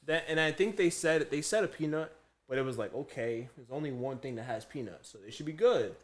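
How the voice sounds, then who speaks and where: A man's voice: fairly high pitch, a little fast. Laughing man telling a work story. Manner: animated storyteller, acts out quotes, laughs a lot. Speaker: podcast co-host, chef. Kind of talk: casual chat, storytelling.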